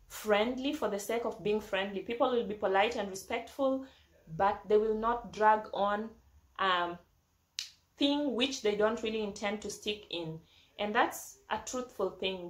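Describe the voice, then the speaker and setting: A young woman from abroad, living in Germany, talking to camera in an earnest, reflective vlog, often repeating phrases for emphasis. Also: medium pitch. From not from Germany, living there. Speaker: vlogger. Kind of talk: casual talk to camera. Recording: echoey room.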